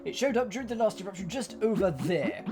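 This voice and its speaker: A man's voice: high-pitched, lively intonation, fast, loud music behind the voice, voice pushed up. A man putting on an eager young lodge host. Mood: chirpy welcoming. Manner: overly polite hotelier patter, read with stumbles. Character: eager young lava-lodge host with an odd put-on accent. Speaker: game character read aloud.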